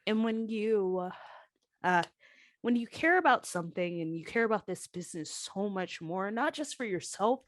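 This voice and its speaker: A woman's voice: mid-range voice, expressive, normal speed, no room sound. A woman in her thirties speaks candidly in an interview, her voice emotional as she recounts her story. She slips into others' voices to quote them. The recording is dry and close. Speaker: guest, former pro wrestler.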